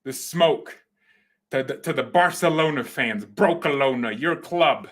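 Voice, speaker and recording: A man hosting a football fan channel, talking in an excited, joking way and sometimes shouting. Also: mid-range voice, unhurried. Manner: hyped and joking, shouting at times. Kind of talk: excited casual commentary.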